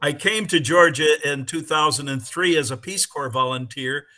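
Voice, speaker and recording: Middle-aged man, bright and slightly high, halting with lots of fillers, eager conference panelist on a video call. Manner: halting, many fillers, enthusiastic. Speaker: conference panelist and English teacher. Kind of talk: conversational answer on a video call.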